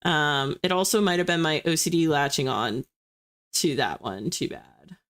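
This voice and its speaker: Reading viewer comments on her livestream, a young woman from the US East Coast chats casually and self-deprecatingly. She has a low, expressive, fairly bright voice and speaks at a moderate pace.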